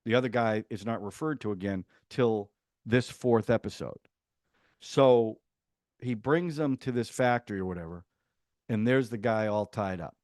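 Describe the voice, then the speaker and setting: A man hosting a podcast, casually reviewing a TV series and retelling scenes in a chatty, animated way with quick asides. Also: lowish voice, no room sound, clean studio sound.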